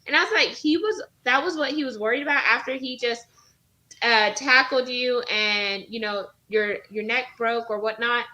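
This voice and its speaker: A woman's voice: a little high, moderate pace, sharp tone, low-quality recording. A woman, a podcast guest chatting on a video call, telling a story animatedly with many fillers. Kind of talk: casual chat.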